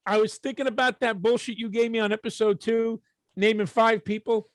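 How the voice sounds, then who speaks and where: A middle-aged man with a Brooklyn accent, co-hosting a podcast and telling stories in a casual, profane, animated way. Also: sits high, a little fast, no room sound, studio quality. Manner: animated, profane, acts out quotes. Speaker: podcast co-host. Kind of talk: casual storytelling.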